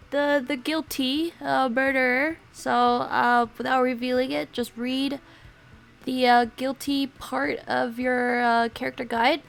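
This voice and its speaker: Lady hosting a murder mystery game, slow and hesitant, gravelly high voice. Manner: hesitant, many fillers. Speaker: game master.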